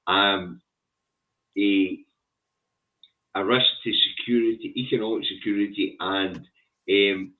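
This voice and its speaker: A man in a casual political discussion, speaking in a measured way with frequent "eh" fillers. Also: lowish voice, fairly even intonation. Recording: tinny phone-like line.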